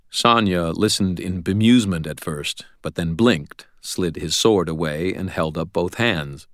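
A man's voice: deep voice, fairly bright tone, no room sound. A man reading a first-person audiobook narration in a wry, dry storytelling manner.

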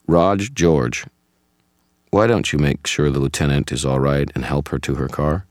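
Brief: male narrator doing a clipped, demanding federal agent, deep gravelly tone, dry studio sound. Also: measured pace, no echo. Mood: commanding. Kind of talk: audiobook character voice.

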